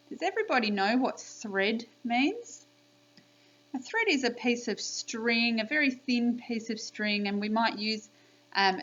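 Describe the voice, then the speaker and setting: A woman teacher giving a spelling lesson by video to young children, clearly sounding out letters and praising them. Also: medium pitch, a bit bright, muffled recording, a little hiss or hum. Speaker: primary school teacher.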